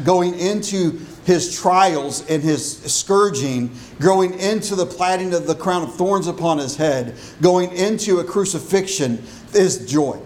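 A man preaching a sermon, reading scripture slowly and then building emphasis as he explains the text. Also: sits high, a little mellow, a little hiss or hum. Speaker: pastor.

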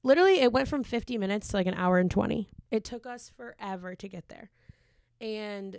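A woman's voice: mid-range voice, expressive, fairly quick, vocal fry, darkish tone, clean tone, dry recording, clean studio sound. A young woman in her twenties telling a long, rambling story in casual chat, swearing freely and acting out quotes.

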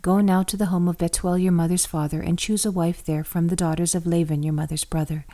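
A woman reading the lines of an aged blind father, with measured, solemn phrasing. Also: on the low side, little pitch movement, dark tone, lightly acted.

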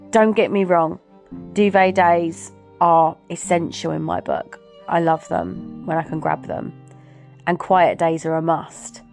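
A middle-aged woman talking earnestly and encouragingly as host of a motivational talk. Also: fairly low pitch. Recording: soft music behind.

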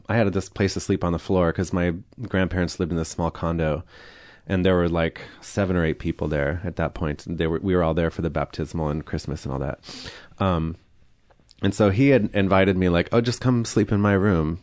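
This is a man with a deep, low-pitched voice, recorded in a dry setting with no room echo. He speaks frankly as a podcast guest. He tells a personal story, slips into quoted dialogue and breaks it up with uneasy laughter. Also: brisk, a little mellow. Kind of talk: candid interview storytelling.

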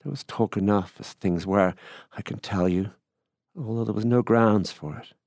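A man's voice: fairly low pitch, moderate pace, darkish tone, no room sound, clean studio sound, natural voice. A man reading as a middle-aged rural widower who confides his story in a plain, musing way.

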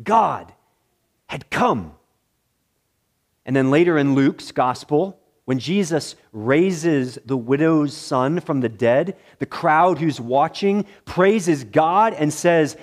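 A male pastor preaching a sermon, swinging between loud excitement and hushed, somber tones, with deliberate repeated phrases. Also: fairly high pitch.

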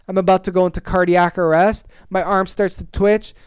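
A young adult podcast host on a comic solo rant, talking in an exaggerated, animated way and swearing freely. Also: medium pitch, normal speed, smooth, no echo.

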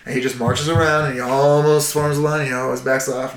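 A man's voice: medium pitch, a little fast, hardly any pauses. A man casually retelling history, swearing freely and acting out the people in it. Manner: profane, animated, acts out shouts and quotes. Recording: roomy echo.

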